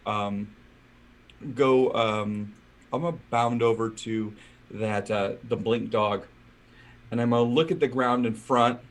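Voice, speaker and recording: Hesitant low-voiced man playing a tabletop game. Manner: hesitant, many fillers. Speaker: player.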